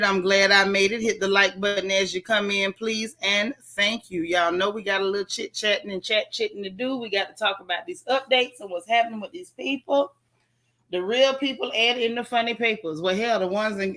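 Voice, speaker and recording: A woman hosts a casual live stream from home, tired and yawning but still chatty. Her voice has a bright, edgy tone. She greets each viewer by name in folksy slang. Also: mid-range voice, steady tone, normal speed. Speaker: livestream host.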